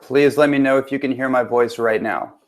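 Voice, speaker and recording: An upbeat man hosts a live online webinar as a transformation coach. He talks in a mid-pitched voice and keeps greeting his viewers and checking the audio. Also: fairly even intonation, a little fast.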